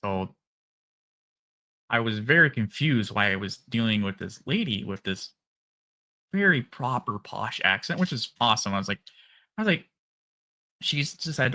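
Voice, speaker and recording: A man with a Minnesota accent, hosting a live stream and casually telling a long story, acting out phone calls in animated voices. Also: medium pitch, normal speed, pauses often.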